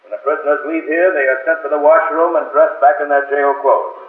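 An actor playing a brisk, stern police sergeant running a lineup in an old radio crime drama, speaking in a firm, businesslike way. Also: male voice, a little high, fairly even intonation, close to an everyday voice. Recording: echoey, tinny old radio broadcast.

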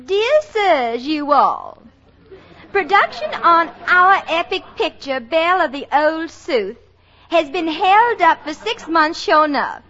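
A woman's voice: extremely high pitch, big pitch swings, slow, fairly bright tone, slight background noise, full character voice. A woman playing a scatterbrained young secretary with an exaggerated put-on American Southern drawl, in 1940s radio comedy style. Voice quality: drawling, folksy. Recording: muffled vintage radio broadcast.

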